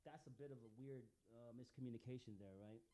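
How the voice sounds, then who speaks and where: A man rambles through casual commentary on video clips. He swears freely and stumbles over repeated words. His voice is deep-toned and very mellow, and the recording is close and dry. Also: fast talker, no room sound. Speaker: vlogger.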